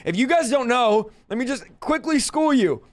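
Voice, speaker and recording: A man with a high voice hosts a podcast in casual talk. He speaks emphatically and repeats his points to drive them home. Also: expressive, normal speed. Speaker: podcast host.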